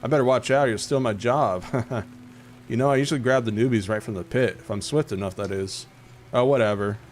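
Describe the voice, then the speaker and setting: A man voicing a cocky, wisecracking male rescuer in a game, a bit higher and livelier than his own voice. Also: a little fast, slight background noise, lightly acted. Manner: upbeat, wisecracking.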